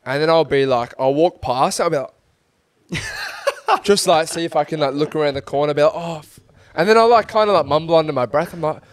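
A man co-hosting a podcast in lively, swearing banter. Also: a little high, a little fast, no echo. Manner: animated, swearing, agreeing banter. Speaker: podcast co-host. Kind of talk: casual chat.

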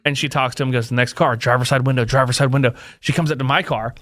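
A man co-hosting a comedy podcast, telling a story in a lively, animated way, laughing and jumping into loud exclamations, just back from an illness. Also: medium pitch, fast talker. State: recovering from illness. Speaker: podcast co-host.

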